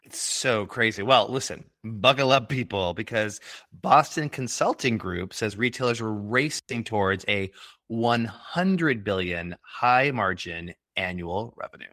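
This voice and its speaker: Bright-voiced upbeat male podcast host. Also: lowish voice, animated, a little slow, no echo, studio quality. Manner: upbeat, laughs often. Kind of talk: scripted casual podcast banter.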